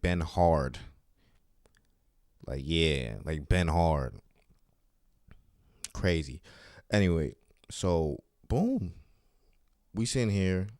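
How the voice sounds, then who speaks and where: A New York City stand-up comedian hosts his own solo podcast, spinning loose, profane, slang-heavy stories about his week. His low voice has a darkish, clear, resonant tone, recorded cleanly in a studio with no room sound.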